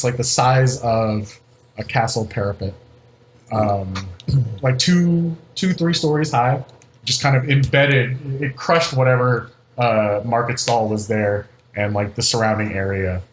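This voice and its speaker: A man's voice: mid-range voice, unhurried, slight background noise, poor audio. A man narrating as game master of a tabletop game, in a loose, joking way full of fillers and laughs.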